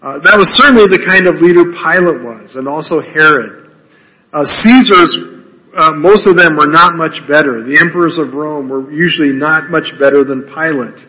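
Male preacher, casual teaching delivery with "right?" asides, slightly high and bright, in a big echoing hall. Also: moderate pace. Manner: checks in with "right?" tags and frequent "uh" fillers. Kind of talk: conversational Bible teaching. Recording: long reverb of a large hall.

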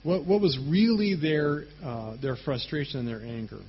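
A man preaching a sermon, telling the story in a casual, animated way and often checking in with "right?". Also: on the high side, moderate pace, slightly rough, dull audio. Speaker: pastor.

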